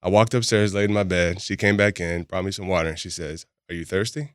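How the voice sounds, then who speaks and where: Male podcast guest, rapid and candid storyteller, deep voice with a dry studio sound. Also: steady tone, clean tone, no room sound. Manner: candid, laughs often while telling stories. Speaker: podcast guest, boxing gym founder. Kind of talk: casual storytelling chat.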